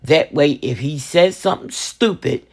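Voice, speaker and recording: A woman's voice: low voice, moderate pace, darkish tone. A woman quoting her mother, a worried mom giving firm, urgent orders.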